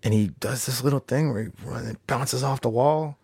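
A man's voice: medium pitch, moderate pace, gravelly, a little mellow, husky, dry recording. A young man co-hosting a podcast, chatting casually and profanely about a movie and acting out character lines. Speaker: podcast co-host. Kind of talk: casual movie review chat.

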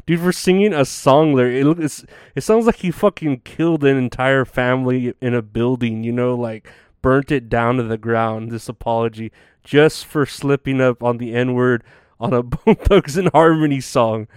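Male solo podcaster, tired and yawning, loose and profane, smooth voice, dry close sound. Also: medium pitch, moderate pace, a little mellow, dry recording. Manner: rambling, swearing, frequent fillers and restarts. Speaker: podcast host. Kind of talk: casual solo podcast monologue.

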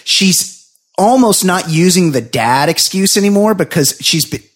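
A man's voice: high voice, expressive, unhurried. A man co-hosting a podcast in casual chat, heated and sweary, often chiming in to agree. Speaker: podcast co-host.

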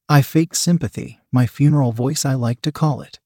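A man reads a first-person story aloud in a measured, sardonic tone. His voice sits at an ordinary pitch, and the sound is dry and close. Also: darkish tone, slightly rough, no room sound. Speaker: narrator.

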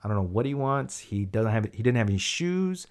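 A man casually telling a story, acting out the people in it with big jumps in his voice. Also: brisk. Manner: animated, acts out quoted voices with big pitch jumps. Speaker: storyteller in a chat.

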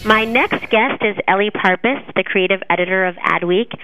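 A woman's voice: mid-range voice, normal speed, rough recording. A woman hosting a radio talk show, interviewing a guest in an upbeat, easy way and laughing often. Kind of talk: casual interview.

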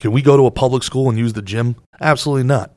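A man's voice: mid-range voice, fairly even intonation, racing, darkish tone, no echo, studio quality. A man from New Jersey, a podcast host, ranting in crude, casual banter and mocking others in put-on voices.

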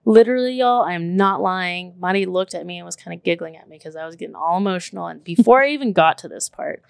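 A woman in her thirties telling a story in casual chat, animated and emphatic, full of "like" and the odd curse word. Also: lowish voice, fast talker, creaky, clean tone, no echo. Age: 30s.

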